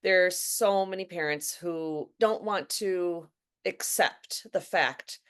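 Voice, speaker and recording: A woman's voice: fairly low pitch, slow pace, clean tone. A woman hosting a casual interview. She talks in a chatty way, often stammering and restarting her sentences. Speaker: host.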